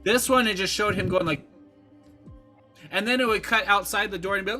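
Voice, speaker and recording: An animated man chatting casually about a film, with a high, bright, lively voice. He breaks into little acted-out voices as he recounts scenes, and faint music sits behind him. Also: fairly quick. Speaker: podcast co-host. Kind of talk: casual movie discussion.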